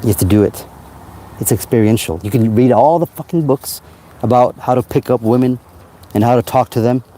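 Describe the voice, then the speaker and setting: A man's voice: medium pitch, a little fast, dark tone, slight background noise. A man talking in a rambling, self-help way on a casual livestream, outdoors at night by a parked car, into a phone.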